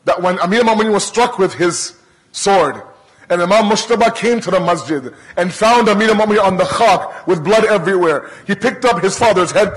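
High-voiced man preaching an emotional sermon. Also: poor audio. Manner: emotional storytelling with heavy repetition.

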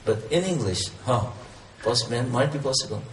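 An Islamic preacher whose first language is Urdu delivers a sermon in English, repeating earnest, rising, emphatic questions. His voice is medium-pitched and expressive at a moderate pace, picked up by a distant mic with roomy echo, faint ambience and slight background noise.

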